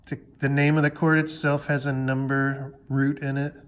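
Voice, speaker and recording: A man's voice: mid-range voice, little pitch movement, moderate pace, clear, resonant tone. A man teaching music theory in a loose, chatty way, with fillers and jokey asides. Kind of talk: casual explanatory lesson.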